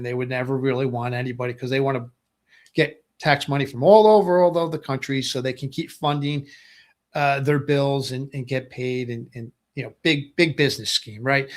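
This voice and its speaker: A man's voice: mid-range voice, fairly bright tone. A middle-aged man hosting a webcast, talking through his views in a rambling, casual way, often asking "right?" and repeating phrases. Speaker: webcast host. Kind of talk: casual political monologue.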